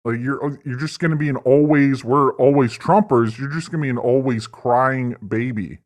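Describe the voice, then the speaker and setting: A man's voice: medium pitch, normal speed. A man hosting a livestream, delivering a profane, rambling, mock-earnest political rant. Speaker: livestream host. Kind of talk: satirical political stream rant.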